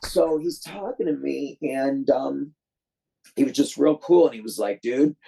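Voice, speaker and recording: A guest filmmaker from Detroit, USA, tells a long story casually and rambles loosely, with many fillers and restarts, acting out the voices of the people in it. His mid-range voice is measured, creaky and dark with a breathy edge, and the audio is poor.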